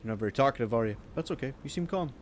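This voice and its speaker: A man's voice: medium pitch, lively intonation, racing, a little hiss or hum. A man giving casual, rambling commentary as he plays a video game, talking to himself. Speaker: gaming streamer.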